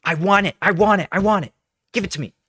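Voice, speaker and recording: A man voicing a whiny, entitled young woman in a shrill, demanding, sarcastic mimicry. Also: fast talker, bright, forceful tone, slightly rough, no room sound, studio quality, exaggerated voice. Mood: petulant.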